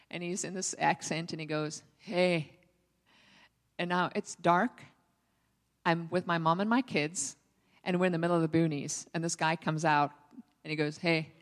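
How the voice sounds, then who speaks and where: Woman preaching in a reverberant hall. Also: on the low side. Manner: animated storytelling, quoting herself and others. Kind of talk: sermon with personal story.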